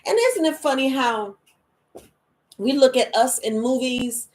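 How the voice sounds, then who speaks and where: A middle-aged woman talks straight to her listeners in a casual wellness monologue. Her delivery is emphatic and animated, and her pitch swings widely as she jumps up into high exclamations. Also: a little slow, a little hiss or hum. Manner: lively and emphatic, with quoted voices and sudden high exclamations. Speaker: herbalist and podcast host.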